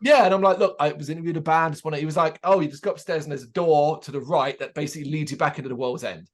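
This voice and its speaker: A man co-hosting a casual chat show, telling an animated anecdote and acting out the people in it, swearing freely. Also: fairly high pitch, racing. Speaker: podcast co-host.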